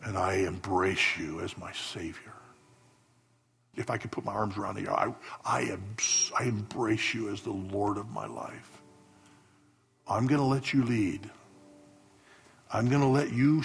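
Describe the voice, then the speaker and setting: A man preaching a sermon and leading a prayer, swinging from soft, near-whispered pleading to loud, high peaks. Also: fairly even intonation, a little slow, creaky, husky. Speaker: pastor.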